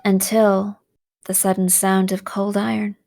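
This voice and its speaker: A woman narrating a visual novel aloud in a slow, soft storytelling manner. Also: mid-range voice, flat delivery, creaky.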